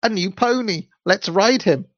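A man doing shrill, excited storybook children. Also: a little slow, dry recording. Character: excited young children in a field. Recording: dull lo-fi dry recording.

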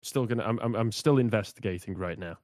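A man's voice: fairly low pitch, darkish tone, dry recording, clean studio sound. A man from England in his thirties, chatting casually on a stream, often stumbling over his words before joking. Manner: halting, stammering restarts, joking. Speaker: stream co-host. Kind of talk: casual chat on a livestream.

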